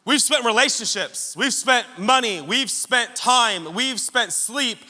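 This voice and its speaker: A male pastor delivers a sermon in a church hall, trading jokes with his congregation as he tells stories. His voice sits high and rings very bright and sharp. Long reverb trails each phrase through the room. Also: animated, slow pace. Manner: joking, storytelling preacher addressing congregation.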